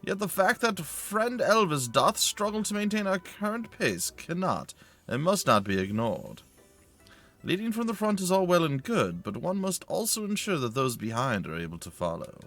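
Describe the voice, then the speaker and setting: Brief: courtly knight, archaic and formal, raised pitch, voiced by a man. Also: very animated, moderate pace, fairly bright tone, soft background music, full character voice. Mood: earnest. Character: old-fashioned male knight, formal.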